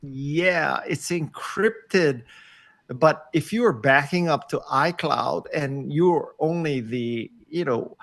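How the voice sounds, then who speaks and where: Gravelly-voiced wry older man. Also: on the high side, takes it slowly, fairly bright tone. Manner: wry, self-deprecating, emphatic. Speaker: guest. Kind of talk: casual interview over video call. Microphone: video call.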